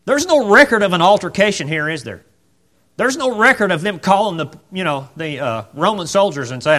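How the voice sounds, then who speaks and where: Male preacher, slightly high, very animated; chatty sermon, acts out the voices in the story. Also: fairly quick. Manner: conversational, rhetorical questions, acts out quotes. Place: church.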